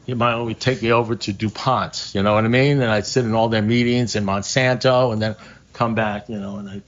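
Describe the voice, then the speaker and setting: A man's voice: lowish voice, fairly even intonation, a little fast, slight background noise, natural voice. A man voicing a boastful retired male talking dog who rambles matter-of-factly about his spy career, on a slightly muffled recording. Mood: bragging. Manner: rambling, matter-of-fact bragging.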